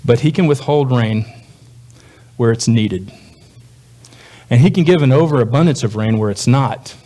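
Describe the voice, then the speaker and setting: A male pastor delivering a sermon in a relaxed, conversational manner. His voice sits in a middle pitch, and he slips into brief, livelier voices when he quotes others. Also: normal speed.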